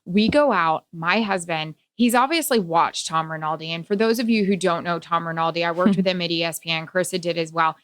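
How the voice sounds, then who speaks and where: A woman in her forties co-hosting a podcast, telling stories in casual chat with a slightly nasal, animated delivery. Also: on the low side, a little fast, few pauses, dry recording. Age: 40s. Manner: animated storyteller. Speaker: podcast co-host.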